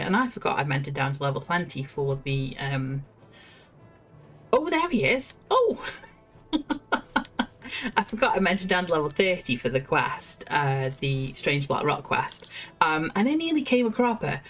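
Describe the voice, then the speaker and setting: A woman's voice: sits low, big pitch swings, normal speed, a bit bright, faint music behind. A woman streaming a video game, chatting casually, laughing to herself and reading quest text aloud. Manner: chatty, giggly, talks to herself.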